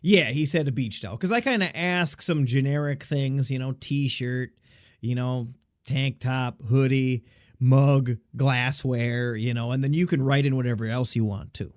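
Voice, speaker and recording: A man's voice: mid-range voice, measured pace, dry recording, clean studio sound. A man co-hosting a casual podcast, joking and teasing his partner. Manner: joking, teasing, laughs often. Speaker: podcast co-host.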